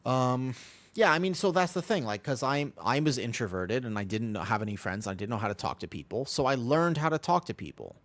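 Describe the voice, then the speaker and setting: A young man chatting casually on a gaming stream, drifting between a personal story and the game. He rambles, restarts and repeats lines. His voice swings widely in pitch from low mutters to high bursts. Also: sing-song, fairly quick, a bit bright. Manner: rambling, self-interrupting storyteller, repeats himself.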